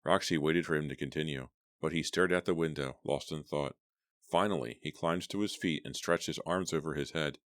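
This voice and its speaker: Very deep man narrating a horror book. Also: a little fast, fairly bright tone, no echo, clean studio sound. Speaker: audiobook narrator. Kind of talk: scripted horror novel narration.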